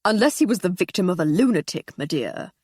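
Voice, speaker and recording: A woman's voice: on the low side, lively intonation, brisk, a little mellow, slightly rough, dry recording, studio quality. A woman voicing a red-faced, slightly drunk upper-class man who blusters and slurs a little. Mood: blustering. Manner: blustering, slurring, dismissive.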